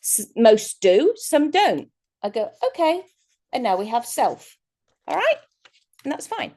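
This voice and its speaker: A woman's voice: on the high side, very animated, a little slow, a little mellow. A woman giving a chatty, rambling workshop talk as a guest speaker over a video call, often breaking into laughter. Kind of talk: online workshop presentation.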